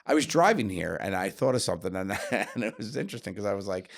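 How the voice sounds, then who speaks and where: New guy in his 40s, lower voice, laughs through his stories on a podcast. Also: fast talker, creaky. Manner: animated, laughing often. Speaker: podcast co-host. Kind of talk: casual comedic storytelling.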